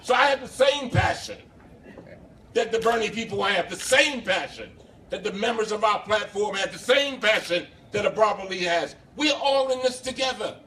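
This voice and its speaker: A man, a congressman, giving an impassioned speech at a bar reception, halting and repeating himself, recorded from a distance. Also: high voice, animated, sharp tone. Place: bar reception room, indoors. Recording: distant camera with faint background noise.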